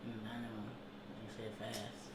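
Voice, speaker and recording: A man's voice: fairly low pitch, monotone, fairly quick. A man reacting to clips in casual chat, blunt and teasing. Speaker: video reactor. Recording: echoey room with loud noise.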